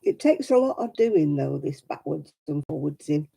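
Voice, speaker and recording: Woman hosting a craft stream: chatty, self-mocking, husky, lively up-and-down voice. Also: low-pitched, normal speed, low-quality recording. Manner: chatty, self-deprecating, greets viewers by name. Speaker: crafting livestream host. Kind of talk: casual livestream chat with viewers.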